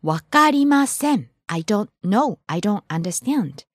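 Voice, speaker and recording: A woman co-hosting a language lesson as the teacher, slowly and patiently modeling words. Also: medium pitch, big pitch swings, dry recording, studio quality.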